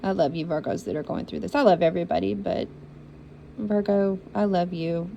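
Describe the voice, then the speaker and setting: A woman's voice: fairly low pitch, normal speed, vocal fry, mellow, muffled recording, slight background noise. A woman giving a spiritual reading for zodiac signs, talking in an encouraging, repetitive and emotional way. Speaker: intuitive reader.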